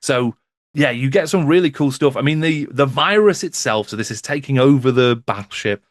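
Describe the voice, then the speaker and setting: A man's voice: medium pitch, lively intonation, moderate pace, no echo, clean studio sound. A man guesting on a film podcast, talking thoughtfully with frequent restarts. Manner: thoughtful, with many restarts and "you know"s. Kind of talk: casual film podcast chat.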